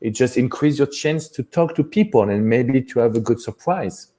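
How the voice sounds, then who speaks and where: A man's voice: mid-range voice, lively intonation, normal speed, mellow. A man with a French accent, a dating coach talking earnestly in a live chat, often restarting his phrases. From France.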